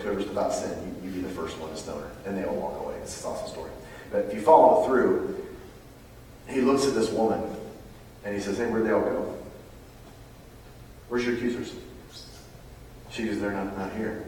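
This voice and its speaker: Animated preacher man in an echoey hall. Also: fairly low pitch, far from the mic, slight background noise. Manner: animated, swinging between loud emphatic bursts and quiet asides. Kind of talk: sermon. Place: large room with live audience. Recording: roomy hall, picked up from afar.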